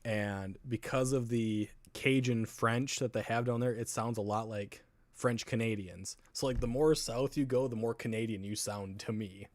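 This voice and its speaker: A man's voice: mid-range voice, steady tone, normal speed, darkish tone, no echo. A man hosting a casual livestream, rambling between topics while answering viewer comments and laughing often. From US South. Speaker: livestream host.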